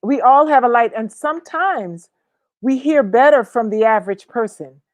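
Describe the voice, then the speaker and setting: A woman co-hosting a casual online talk show, lively and chatty, often talking over her co-host. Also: fairly high pitch, moderate pace, no room sound.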